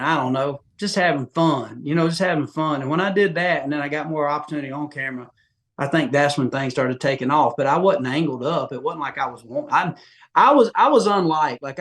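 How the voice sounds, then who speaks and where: A middle-aged man from Georgia with a Southern accent, a podcast guest telling folksy, animated stories and acting out quotes. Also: fairly high pitch. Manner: folksy, animated, acts out quotes with big voice jumps. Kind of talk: casual storytelling interview.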